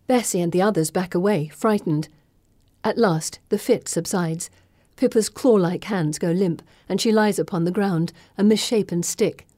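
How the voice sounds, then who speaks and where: Woman narrating a dark novel, mellow. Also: on the low side, dry recording, clean studio sound. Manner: measured, dramatic storytelling. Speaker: audiobook narrator. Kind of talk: scripted first-person narration.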